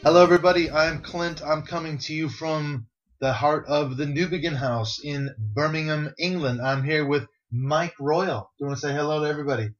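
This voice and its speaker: A man's voice: a little high, normal speed, soft background music. An American man hosting a podcast interview, asking questions in a friendly, conversational way. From United States. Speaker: podcast host. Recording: dull lo-fi recording.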